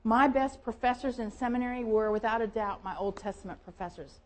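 A woman pastor with a Southern American accent preaches a sermon in a fairly high voice, a little fast, on a rough recording. She tells Bible stories vividly and with liveliness, acting out the quoted voices.

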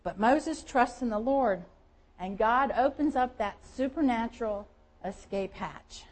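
Lively Southern woman preaching a sermon. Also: a little high, a little slow, low-quality recording. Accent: Southern American. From American South. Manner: storytelling, lively, acts out quoted voices. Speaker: pastor.

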